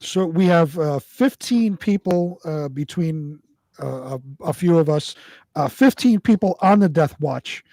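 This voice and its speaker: A man's voice: on the high side, expressive, measured pace, mellow, no echo. A man co-hosting a casual live-stream chat show, talking hesitantly with many fillers while reading out lists. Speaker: co-host.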